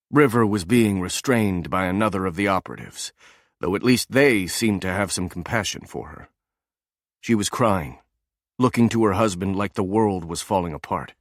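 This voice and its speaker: A man narrating a suspense audiobook in an even, measured storytelling manner. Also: deep voice, dry recording, studio quality.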